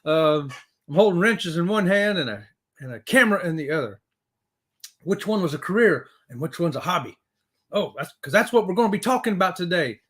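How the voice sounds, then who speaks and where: A man's voice: high voice, expressive, a little fast, a bit bright. A man hosting a casual live stream, greeting viewers by name and reading their comments aloud in an upbeat, whooping way.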